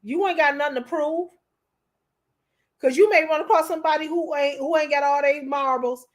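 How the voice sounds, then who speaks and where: Emotional, preachy high-voiced woman. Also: moderate pace. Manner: preachy, repeats herself, calls listeners honey. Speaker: commentator. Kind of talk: emotional commentary.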